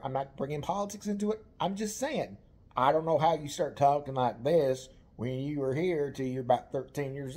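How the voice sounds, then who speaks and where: A man's voice: a little high, warm tone. A man in his forties casually telling a story to his viewers, rambling, teasing and swearing freely. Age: 40s. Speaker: vlogger.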